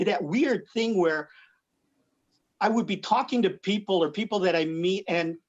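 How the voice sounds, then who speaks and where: A man's voice: high-pitched, moderate pace. Rambling man on a muffled video call. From Philippines. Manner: rambling, many fillers and restarts. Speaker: guest comic book artist. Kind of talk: casual livestream chat. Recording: muffled lo-fi stream audio.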